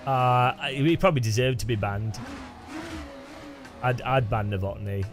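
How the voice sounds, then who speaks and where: Music plays in the background as a British man with a mid-range voice talks at a measured pace in British English. Chatting casually on his sim racing live stream, he's jokey, laughs often and greets his chat by name.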